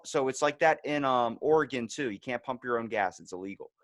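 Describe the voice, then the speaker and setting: A male podcast host chats casually, telling stories in an animated way and jumping into little voices. His pitch is middling for a man. The sound is dry and close to the mic. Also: fairly quick, dry recording. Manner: animated storyteller who slips into voices.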